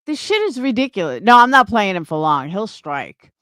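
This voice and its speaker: A young woman vents on her stream in an angry, scornful, profane rant. Her pitch swings widely from high outbursts to low mutters. The recording is dry and close. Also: sing-song, moderate pace, a bit bright, no room sound. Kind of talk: livestream reaction rant.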